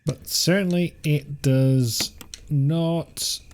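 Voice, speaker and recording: A man's voice: fairly high pitch, steady tone, drawn-out words, darkish tone, slight background noise. A British man giving casual gameplay commentary, dry and self-mocking, muttering to himself on a close compressed mic. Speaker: streamer. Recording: game music behind.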